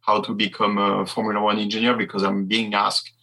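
A man from southern France with a French accent, speaking English as a guest race engineer in a casual interview, pausing often to find his words. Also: lowish voice, monotone, vocal fry, pushed and bright, rough recording. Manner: halting, searching for words.

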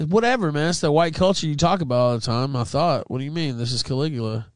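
A young man hosting a podcast, telling stories in a petty, profane, animated way. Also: fairly high pitch, quick pace, clear, resonant tone, dry recording. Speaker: podcast host. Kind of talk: casual chat.

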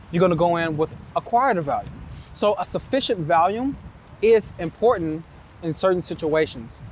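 A man hosting his dating-advice show, talking straight to camera outdoors at night in a city, energetic and direct with some swearing. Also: high voice. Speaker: dating coach and show host. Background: street noise, passing vehicles, distant shouting.

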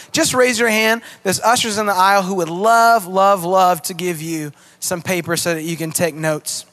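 A male pastor giving a sermon in a church, chatty, animated and self-deprecating, reading scripture and praying. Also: sits high. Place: church auditorium.

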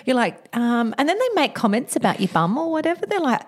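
A woman, co-hosting a casual chat, telling animated stories and acting out her kids' voices. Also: high-pitched, fast, hardly any pauses. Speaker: podcast co-host.

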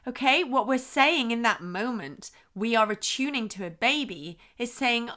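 A woman hosts a parenting podcast in an expressive, explanatory way. Her voice is bright and a touch high. She sometimes acts out little example phrases to make her point. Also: normal speed, hardly any pauses. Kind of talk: podcast advice talk.

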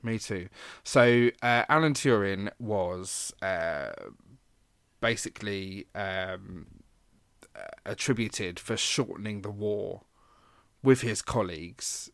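A man with a fairly low voice talks through history in a relaxed, chatty way, full of fillers and small restarts. The recording is dry and close, with no room sound. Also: slow pace, vocal fry, no room sound. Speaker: podcast co-host. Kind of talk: casual explanatory chat.

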